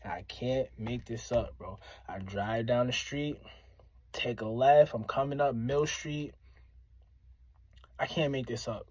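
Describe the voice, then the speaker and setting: A man's voice: mid-range voice, slow pace, no room sound. A man from Springfield, Massachusetts, a rapper, telling a story casually and talking straight to his listeners, often repeating himself for emphasis. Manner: animated, addresses listeners directly, repeats phrases for emphasis.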